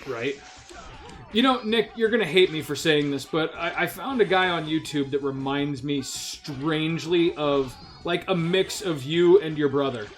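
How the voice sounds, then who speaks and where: A man's voice: a little high, measured pace, soft background music. A man hosting a casual video game playthrough, swearing and laughing easily as he plays. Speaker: let's play host. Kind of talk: casual gaming commentary.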